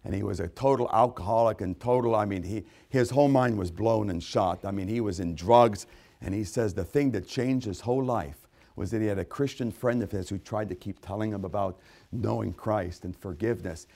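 A man preaching a sermon, swinging from hushed, intimate storytelling to loud, rising exhortation. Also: brisk, gravelly. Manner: dramatic swings from hushed to booming. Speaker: pastor.

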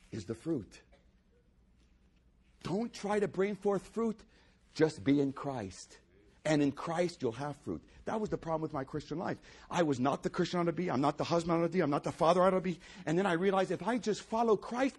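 Husky man preaching emphatically. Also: on the high side, lively intonation, normal speed. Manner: emphatic, swings from loud exclamations to hushed near-whisper; repeats key phrases for emphasis. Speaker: pastor. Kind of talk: sermon.

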